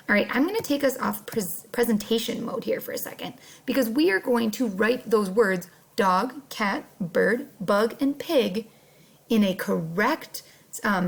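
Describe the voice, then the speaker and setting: A young adult woman teaching a first grade class online, speaking slowly and clearly with playful emphasis. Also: fairly high pitch.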